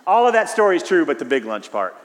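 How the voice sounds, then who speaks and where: High-voiced pastor preaching in an echoing hall. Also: male voice, fast. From Houston, Texas. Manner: storytelling, lively and conversational with frequent restarts. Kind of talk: sermon. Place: church sanctuary. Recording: long hall reverb.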